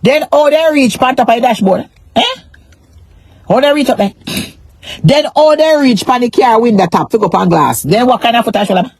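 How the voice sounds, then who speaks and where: A woman's voice: on the high side, expressive, moderate pace, darkish tone, breathy edge, no room sound. A Jamaican woman on a casual live stream, rambling in a repetitive, emphatic way about money, shame and her pain. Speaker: social media personality.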